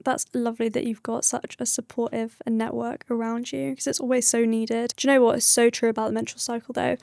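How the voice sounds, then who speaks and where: A woman's voice: a little high, little pitch movement, a little fast, gravelly, a little mellow, no echo, studio quality. A young woman hosting a podcast, chatting casually in a bubbly, effusive way. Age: young adult. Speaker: podcast host.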